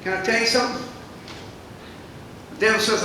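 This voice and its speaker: Male pastor, sermon delivery; bright, tense tone; very echoey sanctuary with faint background noise. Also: high-pitched, steady tone, fairly quick. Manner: preaching with swelling, shouted climaxes. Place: church sanctuary. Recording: echoey church hall, mic far off.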